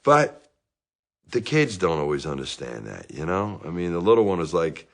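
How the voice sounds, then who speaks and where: A man playing a deep-voiced, self-pitying divorced dad. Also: very animated, normal speed. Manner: rambling, self-justifying, with bursts of anger. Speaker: therapy patient. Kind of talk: comic monologue.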